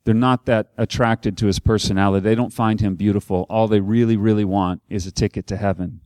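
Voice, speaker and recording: A man's voice: lowish voice, fairly even intonation, a little fast, darkish tone, no echo, studio quality. A man preaching a sermon as a campus minister, telling a story and putting questions to the audience.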